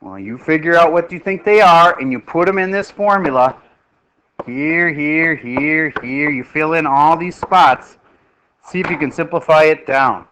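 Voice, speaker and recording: Bright-voiced joking male math teacher. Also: on the high side, unhurried, slight background noise, rough recording. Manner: lively, joking, quizzing the class. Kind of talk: classroom teaching. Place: classroom.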